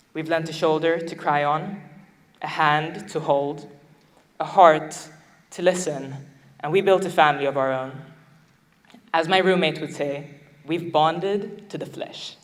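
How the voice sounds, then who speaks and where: Young woman giving a heartfelt speech in a hall. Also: low-pitched. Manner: heartfelt, with light laughs between thanks. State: getting emotional. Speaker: graduating student giving a speech. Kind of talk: prepared graduation speech.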